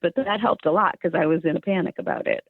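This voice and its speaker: A middle-aged woman telling stories in a casual interview, chatty and quick to laugh. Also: lowish voice, gravelly, no echo. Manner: chatty, laughs often, animated storyteller. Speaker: guest. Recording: tinny phone-like line.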